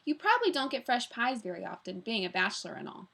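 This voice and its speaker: A woman's voice: on the high side, very animated, fast, creaky, bright, forceful tone, husky, heavily acted. A chirpy school cook from a storybook chatters in a sing-song way, as a woman reading aloud puts her on. She is cheerful and a little pushy.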